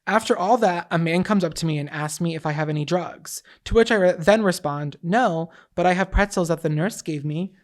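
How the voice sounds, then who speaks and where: A woman co-hosting a podcast, reading listener stories and adding emphatic, animated commentary. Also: on the low side, a little fast, hardly any pauses. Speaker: podcast co-host. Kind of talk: casual chat, reading listener stories aloud.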